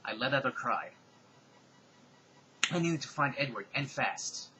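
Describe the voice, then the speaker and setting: A man giving a comedic, dramatic reading of fan fiction, with deadpan, sarcastic asides. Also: medium pitch, unhurried, background noise.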